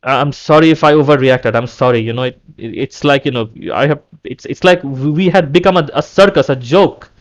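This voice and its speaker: A man's voice: mid-range voice, brisk, few pauses. A man vlogging an angry, repetitive fan rant, often restarting his sentences.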